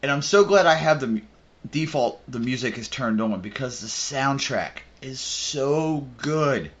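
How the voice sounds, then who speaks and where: Excitable young-sounding man, podcast chat. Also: medium pitch, a little slow. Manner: excitable, animated retelling with exclamations. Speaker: podcast co-host. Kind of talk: casual chat about a video game.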